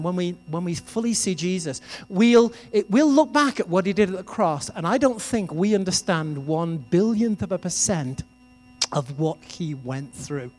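High-voiced man preaching in a hall. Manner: conversational storytelling preaching. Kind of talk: sermon. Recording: reverberant hall with music behind.

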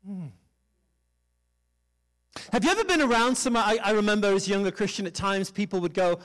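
A male pastor preaching with a fairly high, lifted voice. He calls out to the congregation, gets them to repeat lines back, and pokes fun at himself along the way. He carries the lively rhythm of a church sermon. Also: fairly quick, pauses often. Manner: animated preaching with call-and-response and self-deprecating humor.

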